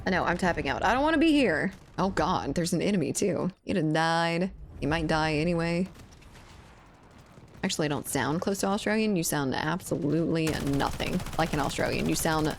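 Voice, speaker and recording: A woman in her late twenties from South Louisiana banters with her chat while she plays a shooter. She jokes, swears freely and speaks in a somewhat low voice. Soft gunfire sounds run faintly underneath. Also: gravelly, a little hiss or hum. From South Louisiana, USA. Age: 20s. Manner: joking, swears often, banters with viewers. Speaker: gaming streamer. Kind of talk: casual chat while playing a shooter and reading chat. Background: faint game gunfire.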